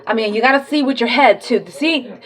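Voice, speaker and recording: Animated, cursing woman with a higher voice. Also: fairly quick. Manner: animated, swears freely, laughs between thoughts. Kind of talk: casual spiritual monologue.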